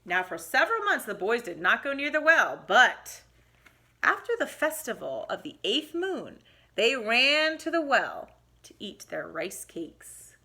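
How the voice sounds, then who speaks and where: High, lively woman reading a storybook. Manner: animated, expressive, pauses to comment. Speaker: teacher. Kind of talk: storybook read-aloud for young children.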